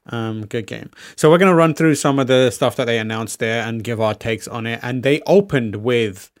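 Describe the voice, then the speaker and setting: A man's voice: mid-range voice, normal speed, clear, resonant tone, dry recording, clean studio sound. A man hosting a casual podcast in a jokey, upbeat way, talking with a numbed face after the dentist. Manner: jokey, upbeat, introduces guests. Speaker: podcast host.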